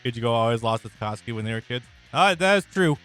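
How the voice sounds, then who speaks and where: A man's voice: medium pitch, lively intonation, quick pace, a bit bright, faint music behind. Casual stammering man chatting over a game. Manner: stammering, casual, swears freely. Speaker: let's play host. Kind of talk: casual gaming chat.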